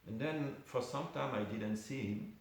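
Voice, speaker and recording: A man's voice: medium pitch, unhurried. A man giving an informal class at a temple, telling a story conversationally with many asides. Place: temple hall. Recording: very echoey room with faint hiss.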